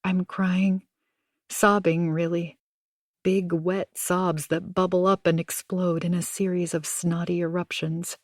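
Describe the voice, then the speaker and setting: A woman narrating an audiobook in a measured, hushed first-person telling. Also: fairly low pitch, flat delivery, dry recording, studio quality. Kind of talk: scripted narration.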